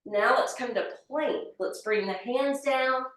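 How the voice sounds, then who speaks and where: Woman, yoga teacher, slow calm cues, very echoey room, far from mic. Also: high-pitched. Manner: calm step-by-step cueing with breath counts. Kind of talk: guiding a yoga class. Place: yoga studio.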